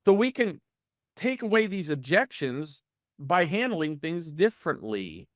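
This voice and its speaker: A middle-aged man coaching real estate agents in a live online training session, energetic and full of rhetorical questions to his audience. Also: a little high, unhurried, no echo, studio quality.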